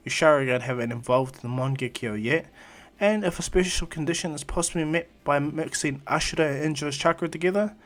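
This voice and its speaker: A man voicing a young male ninja who has become a calm, cold god, speaking in a commanding, quietly threatening way. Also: on the high side, fairly quick, lightly acted.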